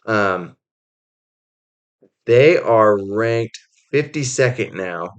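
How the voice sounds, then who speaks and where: A college football podcast host with a lowish voice offers casual commentary at a very slow pace. He rambles, leaning heavily on "like" and "um," and tells his stories with animation, acting out the quotes.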